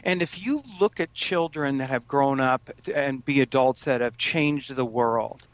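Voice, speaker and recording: A man's voice: mid-range voice, measured pace, no echo, highs cut off. A man giving parenting advice in conversation, earnest and often restarting his sentences. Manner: earnest, with frequent restarts and stammered starts. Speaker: parenting coach.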